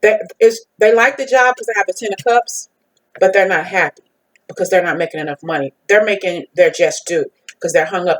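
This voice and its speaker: Lady doing a tarot reading to camera, kinda low voice, blunt, swears a lot, keeps repeating herself. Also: low-quality recording. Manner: blunt, repetitive, swears freely. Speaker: tarot reader and psychic medium.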